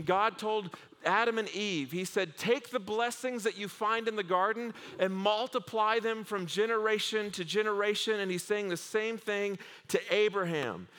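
A man preaching a sermon to a congregation, telling the stories with humor and lively asides. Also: sits high. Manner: humorous, animated storytelling with acted asides. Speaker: pastor. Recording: long hall reverb.

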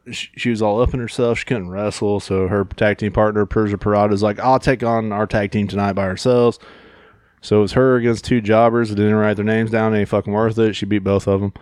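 A man's voice: fairly low pitch, darkish tone, dry recording, clean studio sound. A man co-hosting a casual wrestling podcast, recapping matches with lots of profanity and laughter. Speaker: podcast co-host.

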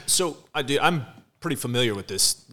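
Bright-voiced blunt man, swearing. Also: mid-range voice, animated, brisk. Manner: blunt, swears a lot, interjects. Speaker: co-host. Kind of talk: casual chat.

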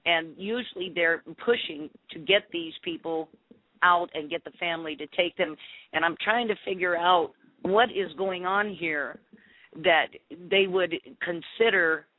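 Man, radio host, halting, restarts, dry tinny sound. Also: high voice, no room sound. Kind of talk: phone-in radio interview.

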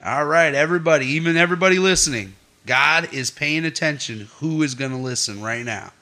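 A man's voice: a little high, brisk, pushed and bright. A man leading his family's Bible study at home, reading scripture aloud and stopping for chatty asides to his listeners. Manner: reads steadily, adds chatty asides to the listeners.

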